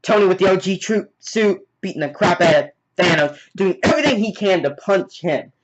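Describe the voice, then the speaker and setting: A man giving a casual movie review, retelling scenes as excited play-by-play with sound effects. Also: high voice, moderate pace. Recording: dull lo-fi recording.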